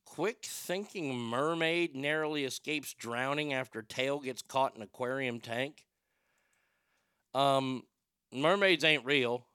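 Bright, crisp-voiced joking man. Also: mid-range voice, slow pace, no echo, clean studio sound. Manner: profane, joking, riffing on the news. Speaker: podcast host. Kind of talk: casual comedy chat.

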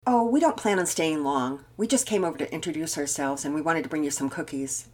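A woman's voice: deep voice, a little fast, darkish tone. An older woman voicing a friendly mother visiting neighbors.

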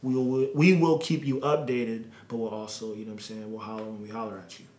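A man's voice: on the low side, flat delivery, fast, darkish tone, echoey room. A man co-hosting a podcast, joking and bantering in casual chat. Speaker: podcast co-host.

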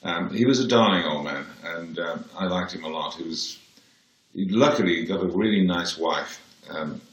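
A very low-pitched Englishman in his seventies speaks with a plummy accent. He tells anecdotes in a dry, blunt way, and his voice rings in an echoey room. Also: normal speed, highs cut off. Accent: posh English, Birmingham-born. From England. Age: 70s. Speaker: interview guest. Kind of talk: anecdotal interview.

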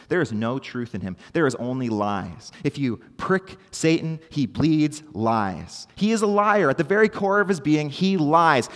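A fairly high-voiced man preaches earnestly to his congregation, driving points home with repetition. His words ring out with a long hall reverb. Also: a bit bright. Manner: earnest, emphatic preaching with repeated phrases. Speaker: pastor. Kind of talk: sermon.

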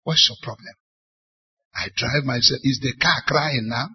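A middle-aged man with a Nigerian accent preaches to church leaders. His slightly husky voice pushes hard on key words with sudden loud bursts, and he keeps firing rhetorical questions at the congregation. The recording is dull and lo-fi, with muffled highs. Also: measured pace. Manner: bursts into loud, forceful stresses. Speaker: bishop.

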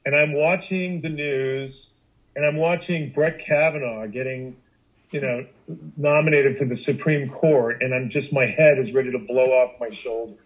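A middle-aged man telling a personal story on a podcast, animated and emphatic, with frequent restarts and swearing. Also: mid-range voice, normal speed, muffled recording. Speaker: guest storyteller.

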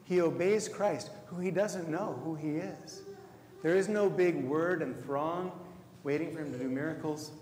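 A man's voice: a little high, a little mellow, slight background noise. Man preaching in an echoey church. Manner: measured, reflective preaching with slow emphatic pauses. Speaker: deacon. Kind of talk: sermon. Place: church sanctuary. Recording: echoey church hall, faint ambience.

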